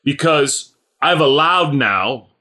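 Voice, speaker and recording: A man's voice: fairly high pitch, animated, takes it slowly, bright, forceful tone. A middle-aged man preaching a sermon in a conversational way, often checking in with "right?" and "you know". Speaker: pastor.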